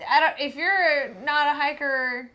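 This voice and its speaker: A young adult woman co-hosting a casual podcast, blunt and teasing, jumping in with quick remarks. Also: high-pitched, pushed and bright. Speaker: podcast co-host. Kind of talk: casual chat.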